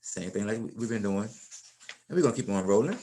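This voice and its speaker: A man teaching a Spanish class in a relaxed, casual way, often repeating and restarting words as he explains. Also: on the low side, fast talker, slight background noise.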